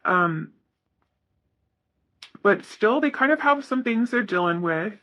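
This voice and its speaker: Bright-voiced, rambling man reading tarot. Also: sits high, expressive, takes it slowly, muffled recording. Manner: rambling, self-correcting, many "you know" fillers. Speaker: tarot reader. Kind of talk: casual tarot reading to camera.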